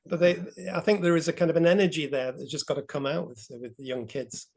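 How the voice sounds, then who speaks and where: Hesitant older man, slightly high voice. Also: quick pace. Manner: thoughtful, hesitant, repeats words. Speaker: discussion participant. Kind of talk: casual group chat on a video call. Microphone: video call.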